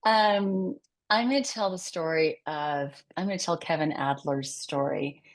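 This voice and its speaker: A woman guest on a podcast, telling a story in a lively conversational way and acting out the quoted dialogue. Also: low-pitched, unhurried. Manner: animated, acts out quoted dialogue. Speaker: podcast guest, charity founder.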